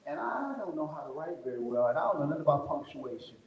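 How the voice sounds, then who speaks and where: A man's voice: a little high, big pitch swings, quick pace, muffled recording. Folksy man speaking in an echoing hall. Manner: folksy, storytelling, addresses the crowd directly. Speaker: conference speaker. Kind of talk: motivational talk to a live audience. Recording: echoey hall with long reverb.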